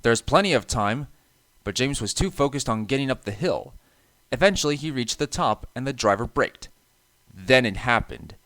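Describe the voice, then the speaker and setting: A young man calmly narrating a storybook, with a soft and even delivery and occasional small restarts. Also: medium pitch, normal speed, dry recording.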